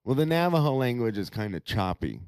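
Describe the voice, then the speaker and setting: A man's voice: mid-range voice, very animated, brisk, darkish tone, smooth, dry recording. A man co-hosting a podcast, speaking bluntly and provocatively in casual chat. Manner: blunt, provocative, laughs at own remarks. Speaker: podcast co-host.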